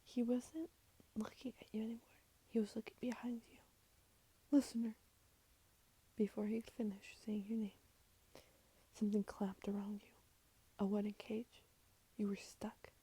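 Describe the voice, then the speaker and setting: A woman voice actor telling a second-person story to the listener, softly whispered as a role-play. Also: mid-range voice, flat delivery, moderate pace, long pauses, husky.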